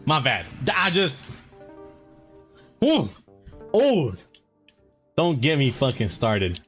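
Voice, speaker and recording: A man's voice: mid-range voice, huge pitch swings, extremely slow, fairly bright tone, faint music behind. A young man ranting casually to his viewers as a vlogger, exasperated and emphatic, swearing often and using slang.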